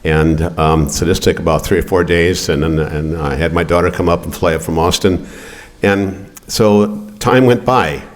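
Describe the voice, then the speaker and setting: An older man with a very low voice tells a rambling, profane story at a poetry reading. He halts often with fillers as he goes, speaking in an art gallery. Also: normal speed. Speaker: poet.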